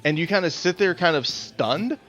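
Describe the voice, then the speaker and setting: A man's voice: a little high, animated, moderate pace, fairly bright tone, lo-fi sound. A man narrating a tabletop game as game master, in a casual, rambling way. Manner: casual, rambling with fillers and restarts.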